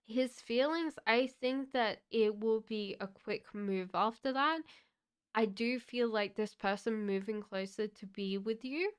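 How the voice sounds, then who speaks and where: A woman giving a live-streamed tarot card reading, speaking gently and haltingly with many fillers. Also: on the high side, smooth. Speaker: tarot reader.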